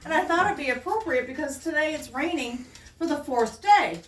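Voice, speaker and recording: A woman reading a children's storybook aloud as a guest, animated and sing-song, asking the kids questions. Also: sits high, normal speed. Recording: roomy, distant mic.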